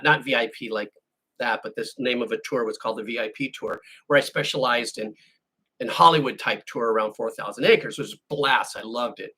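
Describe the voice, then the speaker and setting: Husky and sharp-toned at a medium pitch, a man hosting a music channel chats with his audience about their questions, telling a rambling story that he keeps restarting and revising.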